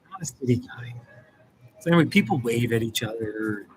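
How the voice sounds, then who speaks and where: A man's voice: mid-range voice, lively intonation, a little fast, slight background noise, low-quality recording. A middle-aged American man chatting casually on a livestream as a therapist, rambling and restarting his sentences. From United States. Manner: rambling, chatty, with self-interrupting restarts and laughs. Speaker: therapist hosting a live stream. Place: home in a small rural mountain town.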